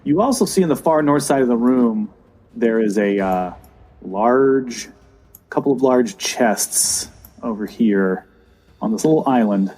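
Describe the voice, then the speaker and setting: A man narrating a tabletop game as dungeon master, describing scenes with fillers and pauses. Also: lively intonation, mellow, poor audio. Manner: describes scenes with fillers, drops to a low voice for villains.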